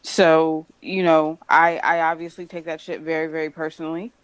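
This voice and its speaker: A woman co-hosting a casual sports podcast, soft-spoken and agreeable, with hesitant fillers. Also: low voice, flat delivery, moderate pace, dry recording, low-quality recording. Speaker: co-host.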